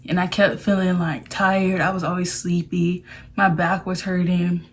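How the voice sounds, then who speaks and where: A woman's voice: fairly low pitch, level tone, a little slow, husky. A young woman telling a casual storytime to her camera, chatty and loose, with "like" all through her talk. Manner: chatty, loose, says "like" a lot. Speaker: vlogger.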